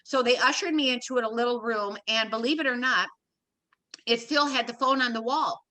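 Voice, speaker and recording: A middle-aged woman, a guest in an interview, tells an emotional personal story, acting out the dialogue with quoted lines and emphatic repetition. Her pitch is fairly high and her pace moderate, with a bright, forceful tone.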